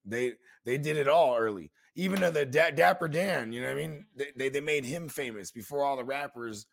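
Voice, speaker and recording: A man's voice: medium pitch, brisk, gravelly. A man co-hosting a podcast, rambling in casual chat and often asking if he is understood. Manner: loose, rambling, keeps asking "you know what I mean". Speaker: podcast co-host.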